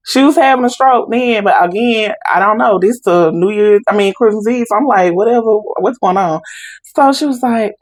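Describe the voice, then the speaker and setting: A woman's voice: medium pitch, normal speed, no echo, low-quality recording. A young adult woman, a podcast guest, animatedly retelling a family story and acting out the voices in it. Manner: animated retelling with quoted dialogue in Southern Black vernacular. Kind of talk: casual storytelling.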